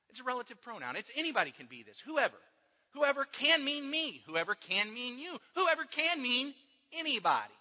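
Male preacher, emphatic and very bright-toned, dull echoey hall sound. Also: sits high. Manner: emphatic, swings from loud to hushed. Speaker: pastor. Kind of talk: sermon.

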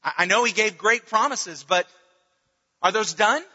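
Bright-voiced earnest male preacher. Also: high voice, normal speed, breathy edge. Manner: earnest, restarts words, dips to near-murmur at times. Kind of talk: sermon. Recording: dull lo-fi audio with long reverb.

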